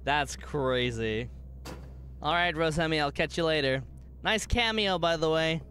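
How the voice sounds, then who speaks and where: A man streaming a video game, reacting out loud in an excitable way, swearing and jumping to sudden shouts. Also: fairly high pitch, normal speed, slight background noise. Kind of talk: gaming livestream commentary.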